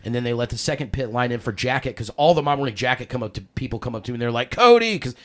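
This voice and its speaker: A man, a podcast guest, telling a story in casual chat, animated and full of cursing and acted-out quotes. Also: mid-range voice, racing.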